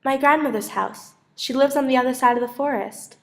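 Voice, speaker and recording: Woman doing a little girl voice, bright, kinda loud and eager, storybook read-aloud. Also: fairly quick. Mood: nervous. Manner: raised, eager, slightly higher voice. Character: nervous little girl on a forest trip.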